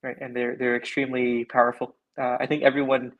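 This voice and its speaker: A man's voice: mid-range voice, completely flat delivery, a little fast, phone-quality sound. A man from Canada speaking as a panelist in an online discussion, explaining at length and often checking in with "right?". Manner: explanatory, frequent "right?" tags. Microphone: video call.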